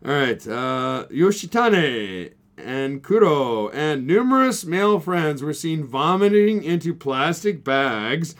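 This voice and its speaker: A man's voice: fairly high pitch, big pitch swings, slow, hardly any pauses, a bit bright. A man co-hosting a casual podcast, reading news stories aloud with frequent laughter and restarts. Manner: joking, laughs often, many restarts. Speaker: podcast co-host.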